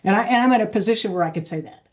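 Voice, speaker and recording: A middle-aged woman speaking as an interview guest, telling stories in a calm, measured way with frequent restarts. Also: medium pitch. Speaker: podcast guest, aviation maintenance leader. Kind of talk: conversational interview.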